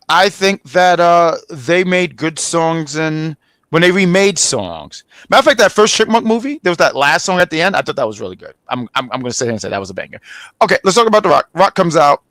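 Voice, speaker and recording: A man co-hosting a wrestling review show in casual chat, rambling and animated with frequent restarts. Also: high-pitched, no room sound. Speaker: wrestling review podcast co-host.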